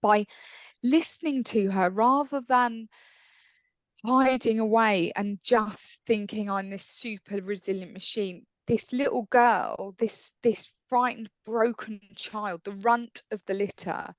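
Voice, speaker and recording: A woman's voice: fairly high pitch, slow pace, no echo. Earnest woman telling her story. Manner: earnest, acts out inner dialogue. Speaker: podcast guest. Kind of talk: candid personal storytelling.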